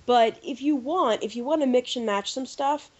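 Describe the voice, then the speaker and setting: A woman from the United States hosts a casual podcast, spinning an anecdote with animated delivery and plenty of fillers. Her voice sits fairly high. The recording is dull and lo-fi. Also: normal speed. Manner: animated storyteller, lively filler-heavy delivery. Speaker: podcast host. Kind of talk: casual chat, anecdote telling.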